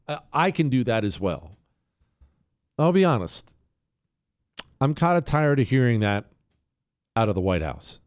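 A man's voice: medium pitch, big pitch swings, a little slow, long pauses. A man hosting a talk radio show, giving an emphatic, ranting opinion monologue and mocking the people he quotes. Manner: mimics others in whiny quotes.

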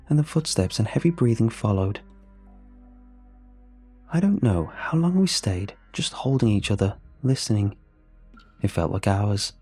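A man narrating a first-person horror story, with steady, measured storytelling. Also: on the low side, breathy edge. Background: faint music.

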